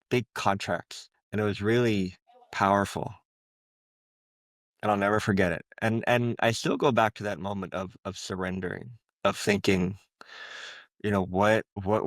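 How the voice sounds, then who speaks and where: A man, a coach and interview guest, telling an emotional personal story in a reflective, halting way with many filler words. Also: on the low side, a bit bright, no room sound.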